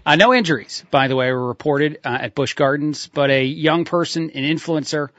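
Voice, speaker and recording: A man's voice: on the high side, normal speed, fairly bright tone, no echo, lo-fi sound. A man hosting a talk radio show, mocking the news with frequent chuckles and filler words. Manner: sardonic, laughs at his own remarks, many uh fillers. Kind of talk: solo talk radio commentary.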